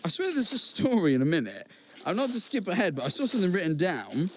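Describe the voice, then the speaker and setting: A man's voice: high voice, huge pitch swings, fast talker, faint music behind. A man co-hosting a podcast, chatting casually and teasing his friend. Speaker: podcast co-host. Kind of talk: casual chat.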